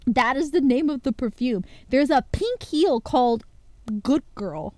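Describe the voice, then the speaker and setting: A woman streaming casual chat to her viewers, excitable and full of filler words. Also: sits high, unhurried, no room sound.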